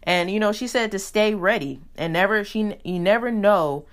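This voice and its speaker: A woman's voice: medium pitch, moderate pace. A woman hosting a solo podcast in a casual, chatty way, leaning often on "you know" as she talks. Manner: chatty, heavy use of "you know" fillers. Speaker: podcast host.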